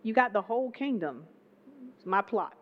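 A woman voicing a stubborn vineyard owner who flatly refuses in a quiet, firm tone, in a dull lo-fi recording. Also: medium pitch, moderate pace, long reverb tail, natural voice.

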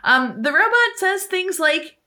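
Playful, bright-voiced woman co-host. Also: very high voice, very animated, a little slow. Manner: playful, giggly, enthusiastic. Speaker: podcast co-host. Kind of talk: casual segment reading with commentary.

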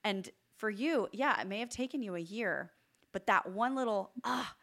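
Hosting an interview podcast, a woman talks with emphatic enthusiasm and heaps praise on her guest. Her voice is medium-pitched and a bit bright, and she speaks at normal speed.

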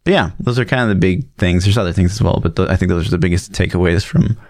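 A man with a deep, low-pitched voice talks casually as a podcast co-host. He rambles with plenty of fillers and blunt, profane remarks. The sound is dry and close, with no room around it. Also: fast talker, a little mellow, dry recording.

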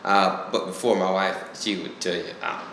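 A man telling a personal story as an interview guest, reflective and halting. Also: low voice, fairly even intonation, a bit bright. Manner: reflective, halting, with acted quotes. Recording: echoey room with faint noise.

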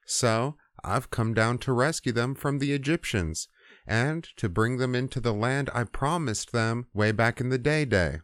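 A man's voice: mid-range voice, unhurried, no echo, studio quality, natural voice. A man playing a blunt, impatient God. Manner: casual modern slang, swearing.

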